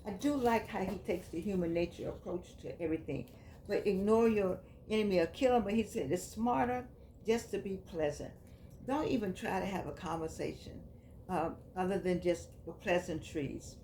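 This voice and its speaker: A woman's voice: medium pitch, normal speed, slight background noise. A woman casually reading passages from a book aloud and talking them over in a conversational, down-to-earth way. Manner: grows quiet and subdued. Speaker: vlogger reading and commenting on a book.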